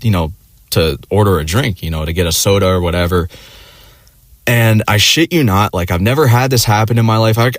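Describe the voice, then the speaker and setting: A man's voice: low-pitched, no echo. A man telling a rambling personal story in casual, profane language, laughing along as he goes. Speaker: vlogger.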